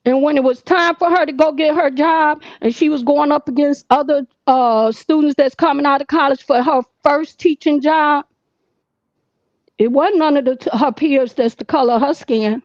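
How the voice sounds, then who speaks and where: High-voiced older woman caller, lo-fi line. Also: normal speed, no echo. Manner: earnest, emphatic, repetitive. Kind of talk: personal storytelling.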